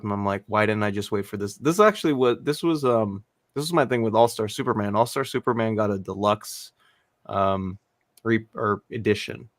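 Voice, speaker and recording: A man's voice: on the low side, no room sound. A man as a guest in a casual chat, talking eagerly and rambling with fillers.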